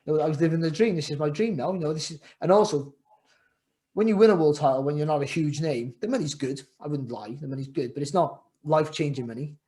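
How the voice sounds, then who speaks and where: Middle-aged man, podcast guest, rambling and reflective, voice a touch high. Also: quick pace, warm tone. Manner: rambling, repeats words and restarts often, reflective. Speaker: guest, former world champion boxer. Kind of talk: candid podcast interview.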